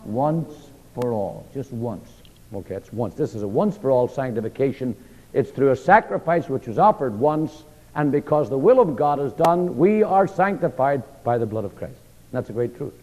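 A man's voice: medium pitch, expressive, normal speed, a little mellow. A male preacher delivering a sermon, quizzing his listeners with questions and driving points home through repetition. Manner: call-and-response questions, emphatic repetition. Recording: dull long-reverb church hall recording.

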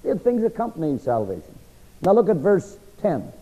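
With huge pitch swings and a high-sitting, mellow tone, a middle-aged man delivers sermon-style Bible teaching through a frog in his throat. He keeps stopping for the congregation to supply the missing words, and the lo-fi audio carries long hall reverb.

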